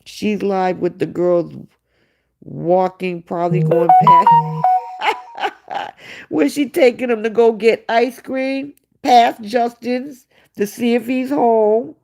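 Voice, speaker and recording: A woman's voice: fairly high pitch, slow, creaky, warm tone, faint music behind. A woman hosting a livestream, reading viewer comments aloud and answering them in blunt, sarcastic casual commentary. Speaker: livestream host.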